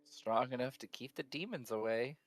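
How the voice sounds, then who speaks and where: A man playing a tabletop game, speaking in a deadpan, somewhat hesitant way. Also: mid-range voice, normal speed, faint music behind. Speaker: player. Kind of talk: casual tabletop game chat.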